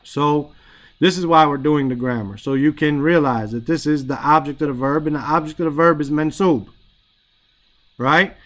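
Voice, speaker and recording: A man's voice: on the high side, moderate pace, a bit bright. A man teaching Arabic grammar in an online class, explaining in casual English, reciting Arabic phrases and checking in often with "right?".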